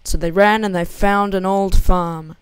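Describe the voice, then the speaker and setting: A rambling, giggly young gamer talking casually over gameplay. The voice is smooth and resonant, recorded close and dry on a desk mic. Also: medium pitch, steady tone, a little slow, dry recording. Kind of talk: casual gameplay commentary and joke telling.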